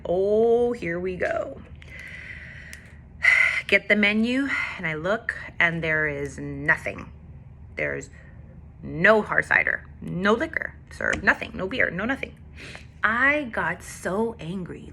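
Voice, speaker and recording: A woman with a bright, forceful voice pitched a little low speaks candidly about her struggles in a personal faith vlog. She tells her story in an emotional, confessional way. A faint hum sits behind her. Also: big pitch swings, unhurried. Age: adult with a daughter. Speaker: faith vlogger.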